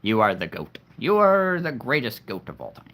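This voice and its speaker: Animated chatty man hosting a livestream. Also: moderate pace. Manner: chatty, laughs often, swings high when excited. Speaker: livestream host. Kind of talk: casual livestream chat reading comments.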